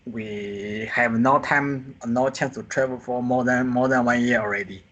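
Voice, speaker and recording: A man teaches a beginner Mandarin class live over a video call, speaking slowly in simple non-native English. His voice is bright and a little husky, and he acts out the tones with long, animated sighs. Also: mid-range voice, lo-fi sound. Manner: animated, drawn-out sighs acting out the four tones. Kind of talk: live online group lesson. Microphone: computer mic on a video call.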